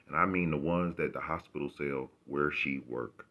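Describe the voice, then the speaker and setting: Deep-voiced man ranting sarcastically. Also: moderate pace, few pauses, pushed and bright. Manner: rambling, profane, sarcastic. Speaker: vlogger. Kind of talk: casual ranting monologue.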